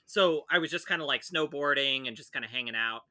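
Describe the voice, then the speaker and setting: A man in his forties, co-hosting a casual podcast, rambling through a memory in a relaxed way. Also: medium pitch, quick pace. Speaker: podcast co-host. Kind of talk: casual chat.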